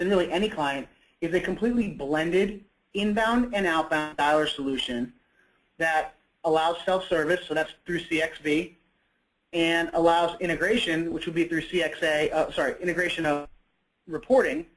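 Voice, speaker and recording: A man's voice: fairly high pitch, normal speed, rough recording. A man presenting a product in a webinar, talking conversationally with frequent fillers and self-corrections.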